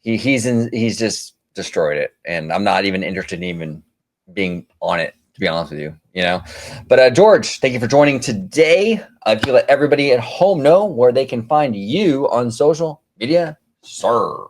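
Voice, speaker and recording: Male host, casual chat, exasperated and animated, very lively pitch. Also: moderate pace. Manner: animated, exasperated ranting with fillers. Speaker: podcast host.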